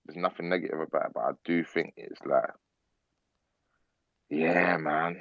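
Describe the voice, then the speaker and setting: Man, extremely deep voice, hesitant casual chat, dull lo-fi sound. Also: fairly even intonation, moderate pace, gravelly, a bit bright, no echo.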